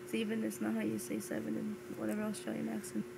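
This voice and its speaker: A woman's voice: mid-range voice, completely flat delivery, fast, gravelly, background noise. A woman on a call with a friend, teasing her and correcting her pronunciation. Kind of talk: casual chat.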